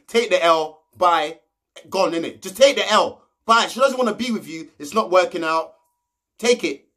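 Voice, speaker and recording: Young man, high voice; casual brash recap vlogger, slangy and sweary. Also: a bit bright. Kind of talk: casual episode recap commentary.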